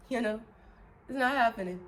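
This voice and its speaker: A woman ranting bluntly and profanely to her vlog audience, heated and animated, swinging between loud and soft. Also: a little high, slight background noise. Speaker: vlogger.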